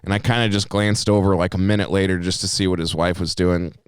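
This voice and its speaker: A man's voice: quick pace, clean tone, no echo, studio quality. A man in his twenties co-hosting a podcast, telling a story in casual chat, swearing freely. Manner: animated storyteller, swears freely, jumps into high voices quoting people. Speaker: podcast co-host.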